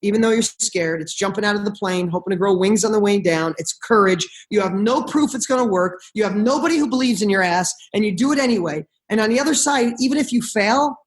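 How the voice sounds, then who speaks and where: A middle-aged man speaking as a guest on a motivational podcast, telling stories passionately and quickly, with casual swearing. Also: sits high.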